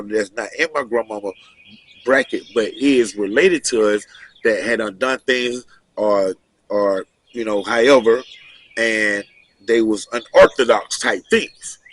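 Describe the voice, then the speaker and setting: Casting: man, casual storyteller, bright forceful voice, talks in loose asides. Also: lowish voice, husky, no room sound. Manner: loose, animated storytelling with asides and quoted dialogue. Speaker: guest storyteller.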